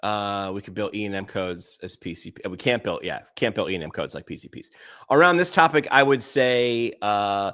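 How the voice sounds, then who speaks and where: A man co-hosting a podcast, telling stories and arguing his points emphatically, often jumping up in pitch and volume. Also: normal speed. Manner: emphatic, animated storyteller with big swings in pitch and loudness. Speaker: podcast co-host. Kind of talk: casual podcast discussion.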